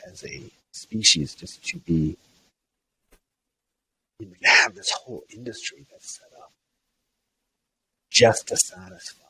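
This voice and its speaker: A man's voice: fairly low pitch, expressive, a little slow, pauses often, bright, forceful tone, breathy edge. A man who is a minister, talking in a reflective interview, hesitant and thoughtful, with frequent restarts and fillers.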